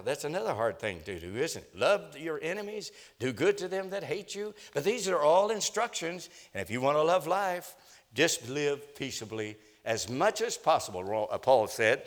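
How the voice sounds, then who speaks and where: Older man, preacher, folksy sermon storytelling, lots of fillers, mid pitch, long echoing hall. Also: expressive, a little fast. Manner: folksy storytelling, many "uh" fillers, emphatic rises.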